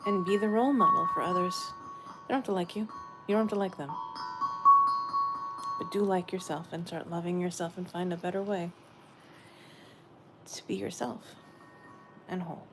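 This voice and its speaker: A woman giving a gentle, meandering spiritual message she says she is channeling, often repeating her phrases. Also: on the low side, steady tone, moderate pace, pauses often, over music.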